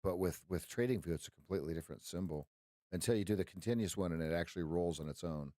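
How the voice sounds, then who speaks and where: A man's voice: sits low, quick pace, mellow, dry recording, clean studio sound. A man coaching traders on a live stream, blunt, passionate and profane. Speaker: trading coach.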